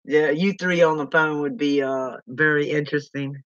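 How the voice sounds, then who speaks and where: A woman's voice: low-pitched, steady tone, moderate pace, no room sound. A woman from Virginia hosting a call-in talk show, chatting in a folksy way and laughing often. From Virginia, USA. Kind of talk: casual call-in chat. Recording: dull distant lo-fi sound.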